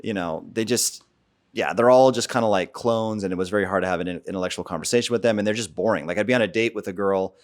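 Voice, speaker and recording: A man's voice: lowish voice, quick pace. An American man ranting bluntly and off the cuff as the host of a dating vlog, opinionated and rambling. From United States. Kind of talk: casual off-the-cuff vlog rant.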